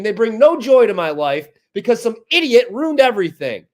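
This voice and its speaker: High-pitched guy going off on sports radio, all fired up and fed up. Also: very animated, normal speed. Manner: fired-up ranting, exasperated. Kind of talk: heated sports talk. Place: radio studio.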